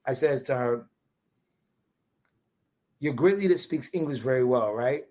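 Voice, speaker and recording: A man from Brooklyn with a New York accent, a podcast guest telling a story in an animated, casual way and often tagging his sentences with "right?". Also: mid-range voice, a little slow. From Brooklyn, USA. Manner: animated, repetitive restarts, quotes dialogue with "right?" tags.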